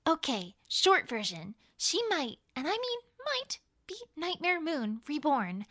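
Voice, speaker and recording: An earnest young unicorn mare, voiced by a woman, very high-pitched and lively, with a dry, close sound. She rambles nervously in a fan audio drama. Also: takes it slowly, no room sound, heavily acted. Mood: anxious.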